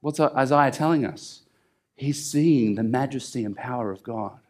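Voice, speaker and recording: A man preaching a sermon, explaining scripture earnestly, building emphasis and then dropping to a soft, low voice. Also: normal speed.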